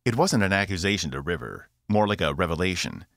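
Deep-voiced man narrating an audiobook. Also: quick pace, no room sound, studio quality. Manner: expressive, varied delivery. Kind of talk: scripted narration.

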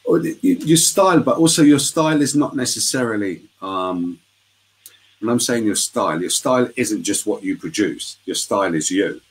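A man chatting as a guest in a casual live interview over a video call, telling stories in a lively, talkative way. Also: fairly low pitch, normal speed, rough recording.

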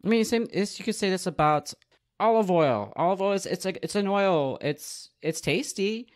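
A man with an American Southern accent, co-hosting a podcast in casual chat, blunt and quick to contradict. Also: high-pitched, expressive. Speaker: podcast co-host.

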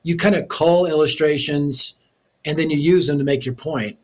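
A man who is a preacher and author, telling his life story as a guest in an interview in a lively, punchy way with touches of humor. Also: on the high side, normal speed.

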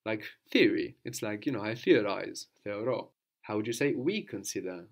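A man with a lowish voice leads a spoken language lesson. He explains slowly and patiently, quizzes his student and repeats each answer back. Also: animated, vocal fry. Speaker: language teacher.

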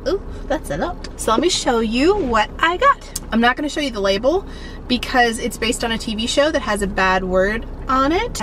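A young woman from Ohio, USA, vlogs in a bubbly, casual way, laughing often as she shows off her shopping haul and crafts. Her voice is on the high side, and the poor audio carries slight background noise.

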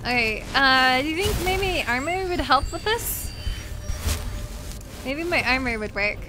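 Young woman game streamer, super lively voice all over the place, unhurried, yells and laughs a lot. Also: high voice, over music. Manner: excitable, shouting and laughing at the game. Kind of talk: live gameplay commentary.

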